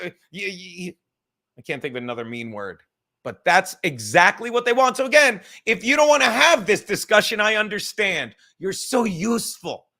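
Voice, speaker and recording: A man with a New York accent hosting a podcast livestream, ranting loudly and profanely, swinging between shouting and muttering asides. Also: sits high. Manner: loud, swearing, rambling, shifts from shouting to mumbling. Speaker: podcast host.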